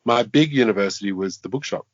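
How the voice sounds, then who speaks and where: A man's voice: on the low side, quick pace, no room sound. A man, a guest author chatting casually and self-deprecatingly, often restarting his sentences. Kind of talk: casual interview chat. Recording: dull lo-fi podcast audio.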